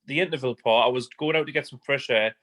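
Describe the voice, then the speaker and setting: A man's voice: medium pitch, fast. A man, telling jokey stories in casual chat. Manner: lively joking storyteller. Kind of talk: casual chat over beers.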